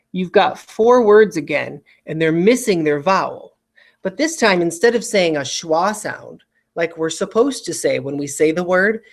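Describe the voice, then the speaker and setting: Speaking in a mid-range voice, an adult spelling teacher patiently runs a recorded video lesson, giving every word twice and checking in with students.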